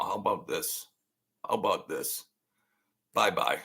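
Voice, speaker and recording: A middle-aged man rants on a livestream in a slow, deliberate drawl, repeating his jabs and answering chat. His voice is bright and forceful, with a sharp, mocking edge. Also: medium pitch, animated. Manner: blunt, mocking, repetitive, rants loudly then laughs. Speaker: channel host. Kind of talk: livestream commentary reading chat.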